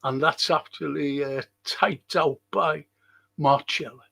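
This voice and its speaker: A man's voice: on the high side, takes it slowly, vocal fry, husky. A man hosting a livestream, chatting casually and reading viewer comments aloud. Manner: reads viewer comments aloud, chatty and warm-hearted asides. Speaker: livestream host reading chat.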